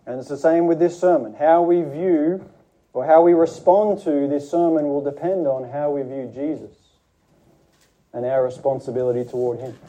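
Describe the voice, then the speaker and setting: A man preaching a sermon to his church, speaking in an earnest, measured teaching manner with frequent restarts. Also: on the high side, fairly even intonation, warm tone.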